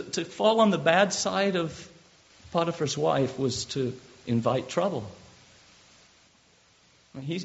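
Male pastor, gravelly voice, animated sermon delivery with repeated words, dull lo-fi recording. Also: a little high.

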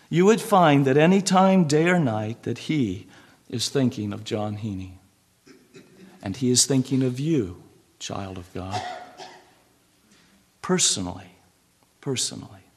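A man preaching a sermon, earnest and measured, who repeats phrases and drops to a hush on key words. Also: mid-range voice. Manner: repeats and lists phrases for emphasis.

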